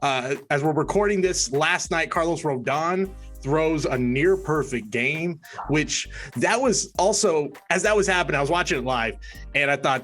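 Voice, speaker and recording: A man's voice: on the high side, moderate pace, fairly bright tone. A man hosting a casual interview, asking eager, rambling questions. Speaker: host. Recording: faint music behind.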